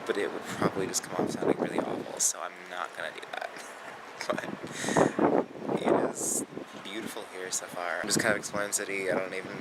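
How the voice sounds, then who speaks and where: A man's voice: low voice, flat delivery, normal speed. A young American man chatting casually in a travel vlog, rambling and laughing often into a handheld camera. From United States. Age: young adult. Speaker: vlogger. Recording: loud background noise.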